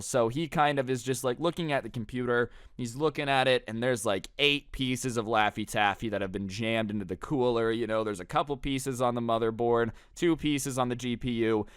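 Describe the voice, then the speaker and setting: A man's voice: mid-range voice, a bit bright, smooth, no room sound, clean studio sound. A man telling a story to his viewers in a casual, slangy way, full of "you know" and "like". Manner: slangy, filler-heavy, addresses viewers as bro and dude. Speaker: storytime vlogger.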